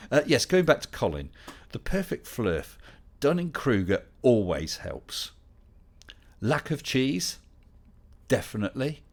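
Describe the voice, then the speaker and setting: A middle-aged man hosting a casual live Q&A stream, chatting and reading out viewer questions with dry humor. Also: mid-range voice.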